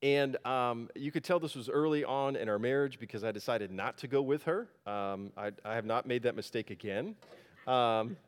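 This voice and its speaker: A man's voice: mid-range voice, normal speed, clean tone. Folksy man preaching a sermon. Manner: folksy, frequent fillers. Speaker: pastor. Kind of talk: sermon with a personal story.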